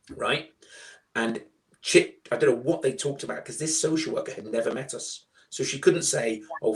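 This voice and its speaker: A man telling a long personal story as a guest on an online live chat. He acts out the voices of people he talks about and keeps the telling lively. His voice sits at an ordinary middle pitch for a man. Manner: animated storyteller, acts out dialogue.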